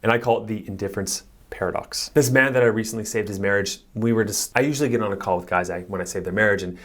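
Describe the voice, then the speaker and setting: Low-voiced man coaching in a dry room. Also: fast talker, no room sound. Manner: lively, acts out quoted voices, chuckles often; conversational, frequent fillers like "like" and "right". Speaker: marriage therapist and coach. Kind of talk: coaching lesson to camera.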